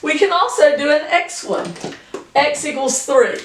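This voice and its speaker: A woman's voice: high voice, expressive, measured pace, recorded from a distance, a little hiss or hum. A woman teaching a pre-algebra lesson, explaining patiently and counting points aloud in a homey, chatty way. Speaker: math teacher. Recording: echoey room, voice from off-mic.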